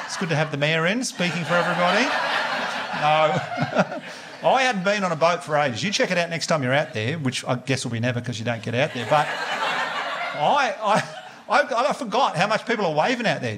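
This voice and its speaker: On a comedy club stage, an Australian man does a stand-up set, telling wry stories and chatting with a laughing crowd. His voice is on the high side, with background noise present.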